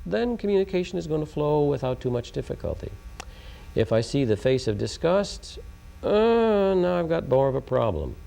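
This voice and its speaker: This taped educational lecture on communication comes from a man from Oklahoma, USA, speaking at a medium pitch with a gravelly, dark tone. He presses his points emphatically, restating them and throwing out rhetorical questions.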